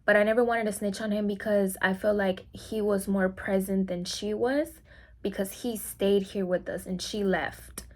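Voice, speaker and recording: This mukbang vlogger, a young woman from Mexico, shares a personal story in a chatty monologue, leaning heavily on "like" and acting out quoted lines. She speaks at normal speed in a medium-pitched, steady, somewhat dark voice.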